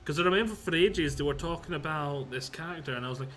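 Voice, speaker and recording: A man's voice: on the high side, quick pace, hardly any pauses, fairly bright tone. A man chatting casually on a co-op game stream, easygoing as he explains game details. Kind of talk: casual gaming chat.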